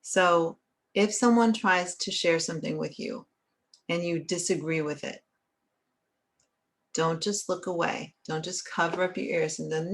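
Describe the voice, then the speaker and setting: A middle-aged woman, a licensed therapist and author, talks at a measured pace in a lowish voice with fairly even intonation. Her conversational teaching is earnest, and she often checks in with "right?" and acts out little quotes.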